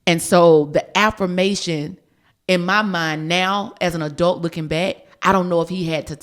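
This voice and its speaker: Woman, podcast host, casual chat, expressive, fairly low voice. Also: moderate pace.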